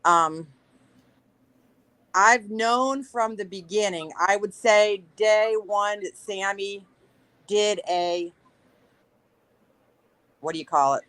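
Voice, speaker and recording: A woman's voice: mid-range voice, takes it slowly, pauses often, a bit bright, rough recording. Emotional rambling woman caller. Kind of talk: casual call-in chat.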